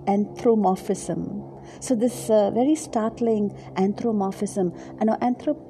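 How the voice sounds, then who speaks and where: A woman with a deeply mellow, dark-toned voice leads a devotional Bible reflection. She speaks gently and haltingly, often repeating words, and sometimes sinks into a soft whisper. A faint noise sits under her voice. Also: creaky. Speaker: Bible teacher.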